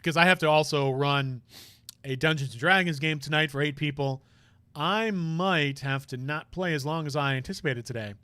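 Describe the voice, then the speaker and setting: A man's voice: fairly high pitch, sharp tone, smooth, no room sound. A man hosting a casual let's-play stream who reads a game aloud, chatty and tired, with apologetic asides. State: tired, yawning.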